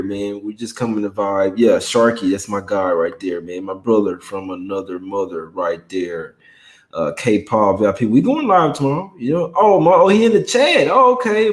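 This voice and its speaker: A man's voice: fairly low pitch, roomy sound, rough recording. A young man hosting a casual sports betting livestream, chatting in a laid-back slangy way and greeting viewers by name.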